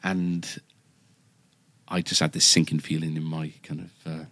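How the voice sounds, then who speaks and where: Deep-voiced man telling a story. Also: flat delivery, unhurried, bright, forceful tone, no echo. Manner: rambling, self-deprecating, many fillers and restarts. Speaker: guitar shop staff member. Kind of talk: casual anecdote in a chat.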